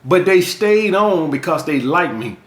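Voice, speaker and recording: A man's voice: fairly high pitch, lively intonation, measured pace, fairly bright tone. A man from the US South with a Southern accent, giving blunt, profane dating and sales advice as a coach in a vlog monologue. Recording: echoey room.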